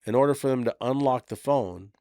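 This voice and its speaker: A man's voice: medium pitch, a little fast, no room sound, studio quality. Profane storytelling man on a podcast. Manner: profane, animated storyteller acting out quotes. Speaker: podcast host. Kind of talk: casual storytelling chat.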